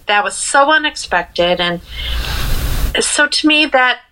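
A woman's voice: fairly high pitch, lively intonation, slow, pushed and bright, a little hiss or hum, low-quality recording. A middle-aged woman co-hosting a podcast, talking in an earnest, reflective way with many fillers and restarts. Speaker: podcast co-host. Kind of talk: casual podcast conversation.

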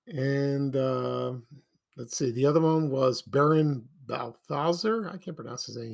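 A man hosting a casual solo podcast, talking in a hesitant, halting way and chuckling between points. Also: medium pitch, creaky. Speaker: podcast host.

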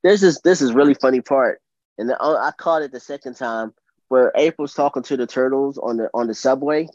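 A man's voice: mid-range voice, brisk, a little mellow, no echo. A man hosting a casual podcast chat, enthusiastic, laughing often and restarting his sentences. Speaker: podcast host. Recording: dull, dry lo-fi sound.

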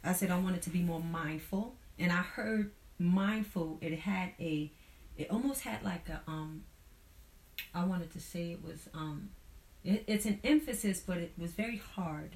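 A woman's voice: fairly low pitch, normal speed, darkish tone, slightly rough. A woman chatting casually, self-critical and rambling with frequent restarts. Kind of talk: casual chat.

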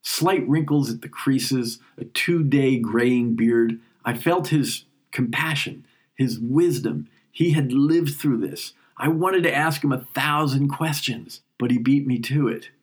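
A man's voice: medium pitch, breathy edge. Reflective man narrating his own story. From New York. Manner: reflective, emotional, unhurried. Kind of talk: first-person story narration.

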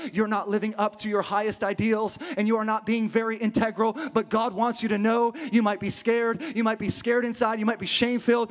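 A man preaching a dramatic sermon to a congregation, acting out the story in different voices and building to passionate peaks. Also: high-pitched. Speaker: pastor. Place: church hall with a live congregation.

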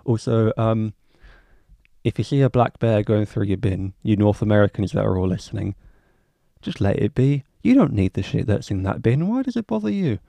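Rambling young man, gravelly low voice. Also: animated, normal speed, warm tone, no room sound. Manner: rambling, swears freely, self-mocking asides. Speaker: podcast host. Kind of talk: casual solo podcast monologue.

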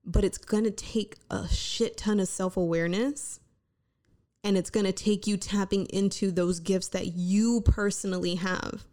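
A woman in her thirties hosts her own solo podcast in a mellow, mid-range voice, keeping a steady tone and measured pace. Speaking into a podcast microphone, she chats casually and candidly, swearing freely and mocking herself in a kind of pep talk.

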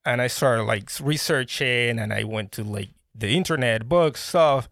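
A man from Colombia, a native Spanish speaker, telling his story as a podcast guest in an animated way, often restarting his sentences. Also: mid-range voice, normal speed, gravelly, dry recording, clean studio sound. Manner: animated, restarts often, bursts into laughing exclamations. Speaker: podcast guest, brand founder. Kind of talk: casual interview storytelling.

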